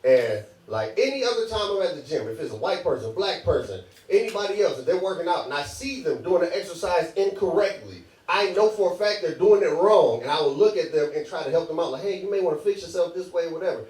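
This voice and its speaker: A man's voice: on the high side, expressive, fairly quick, few pauses, a little mellow. A young man performing a loose, conversational stand-up set who laughs at his own jokes. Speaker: stand-up comedian. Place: comedy club stage. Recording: echoey live room, mic heard from a distance, crowd laughing. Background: audience laughter.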